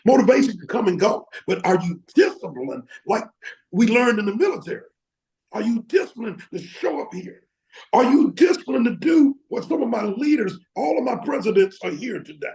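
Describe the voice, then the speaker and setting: Fervent motivational preacher, man, high gravelly voice, video call. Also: big pitch swings, moderate pace, darkish tone, rough recording. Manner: fervent, exclaims and laughs often. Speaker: academy leader addressing members.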